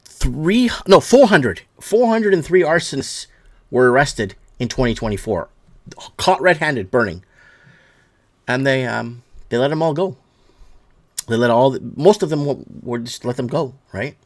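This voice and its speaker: This male host of a solo news commentary show has a mid-range voice with lively intonation, speaking a little slowly with long pauses. Reading the headlines out, he launches into angry, profanity-heavy rants, tripping over words and repeating himself as his temper rises.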